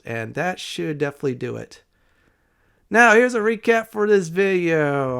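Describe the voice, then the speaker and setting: A man with a smooth, resonant voice and a mid-range pitch gives a relaxed, rambling commentary on his gameplay. He fills his sentences with frequent "uh"s as he talks his way through the play. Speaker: let's play host.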